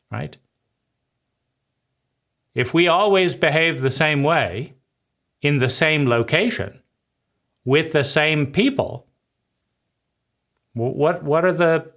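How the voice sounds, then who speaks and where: Delivering a reflective lecture, this man asks and answers his own questions in a conversational way, repeatedly adding "right?". He speaks at medium pitch with a fairly bright tone.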